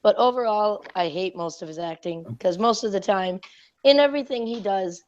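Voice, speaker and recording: A woman's voice: medium pitch, normal speed, a little mellow. Chatty woman on a dull mic. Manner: chatty, rambling, laughs often. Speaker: guest. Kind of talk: casual chat.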